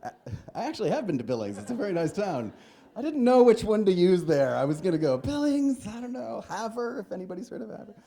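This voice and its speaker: A man delivering a stand-up keynote on stage, his pitch rising and falling with animated range as he tells his story. He acts out both sides of a talk with his doctor, speaking to a live audience through a stage microphone. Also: fairly quick, gravelly. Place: large hall with a live audience.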